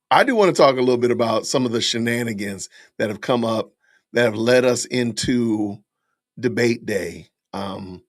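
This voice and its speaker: A man's voice: mid-range voice, normal speed, no echo, clean studio sound. A man hosting a live stream, upbeat and chatty, addressing viewers directly. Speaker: podcast host.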